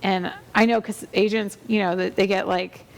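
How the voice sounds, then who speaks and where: A woman hosting a real estate show, talking in a loose, rambling way that is full of fillers and false starts. Her voice has a gravelly, fry-tinged texture at an ordinary middle pitch. She tells stories in a casual, conversational style. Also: little pitch movement, moderate pace. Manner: chatty and rambling, with many fillers and restarts.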